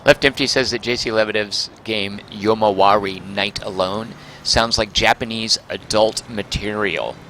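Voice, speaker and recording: A man's voice: on the low side, fairly even intonation, unhurried, hardly any pauses, bright, forceful tone, a little hiss or hum. A man streaming a game, chatting and muttering to himself, mildly exasperated with the controls. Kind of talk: casual game livestream commentary.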